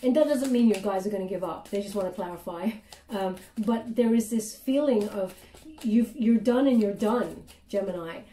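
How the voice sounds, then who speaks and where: A woman doing a chatty tarot reading with many fillers, now and then dropping into soft murmured prayers. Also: mid-range voice, moderate pace, a little hiss or hum. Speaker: tarot reader. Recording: roomy, distant from the mic.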